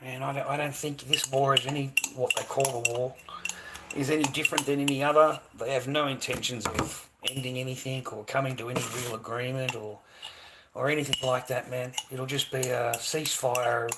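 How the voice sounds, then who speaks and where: A man's voice: mid-range voice, level tone, brisk. A man with an Australian accent in a casual vlog monologue, ranting bluntly and profanely, repeating himself and calling the listener "mate". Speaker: vlogger. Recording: noisy background.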